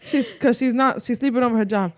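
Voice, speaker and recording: A woman in her late twenties, co-hosting a podcast in casual chat, switching between English and Spanish and telling animated stories full of slang. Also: a little high, quick pace. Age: late 20s. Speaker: podcast co-host.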